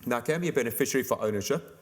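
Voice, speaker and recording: Man, insurance expert guest on a conference panel; rapid, chatty explainer. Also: medium pitch, animated. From South Africa. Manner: fast, explanatory, chatty with "you know" fillers.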